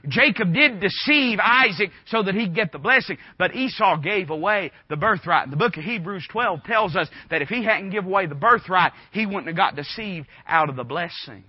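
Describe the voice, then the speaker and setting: A man's voice: sits high, animated, normal speed, hardly any pauses, husky, no room sound. A man preaching a sermon in a folksy, conversational way, full of rhetorical questions. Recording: dull dry recording.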